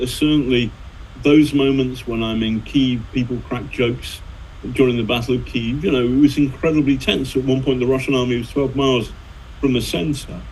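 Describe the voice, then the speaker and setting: A man's voice: mid-range voice, poor audio. Rambling middle-aged male journalist, faint hum. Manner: rambling, many fillers and restarts, animated anecdotes. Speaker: journalist and author, guest. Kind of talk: conversational storytelling.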